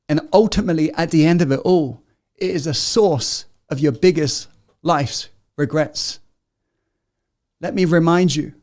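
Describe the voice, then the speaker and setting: A man giving a motivational masterclass to an audience, peppering them with questions and swinging between loud rallying and hushed intensity. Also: fairly high pitch. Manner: asks the audience constant questions. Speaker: self-help coach.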